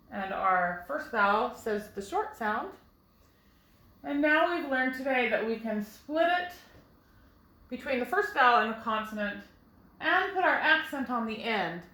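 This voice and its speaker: A woman teaching a phonics lesson to first graders at a whiteboard, explaining slowly and clearly with patience. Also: fairly high pitch, bright, forceful tone, reverberant, poor audio. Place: classroom with a whiteboard.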